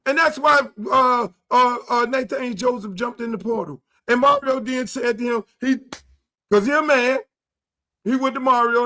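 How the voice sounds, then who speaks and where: A man's voice: very high-pitched, normal speed. Fired-up man ranting about college football. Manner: animated, profane, acts out quoted dialogue. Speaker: show host. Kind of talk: heated sports talk.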